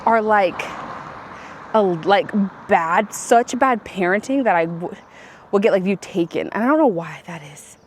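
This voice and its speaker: A woman's voice: a little high, slight background noise. A young adult woman chatting casually to her viewers in a vlog, rambling with lots of likes and self-corrections. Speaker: vlogger. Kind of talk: casual chat to camera.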